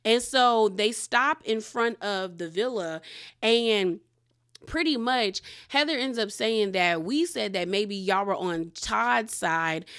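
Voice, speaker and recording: A young adult woman casually recapping a reality show episode, chatty and animated, with lots of "like" as she retells scenes. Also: mid-range voice, slow, smooth.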